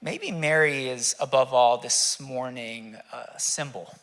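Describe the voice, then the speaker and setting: A male pastor preaching a sermon, reflective, asking rhetorical questions with dramatic pauses. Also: mid-range voice, a bit bright.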